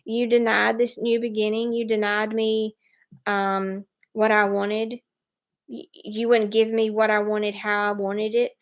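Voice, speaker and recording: A woman's voice: mid-range voice, monotone, unhurried, lightly acted. A woman voicing an angry, arrogant, self-centered man who blames his former partner, in an indignant complaining tone. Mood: resentful.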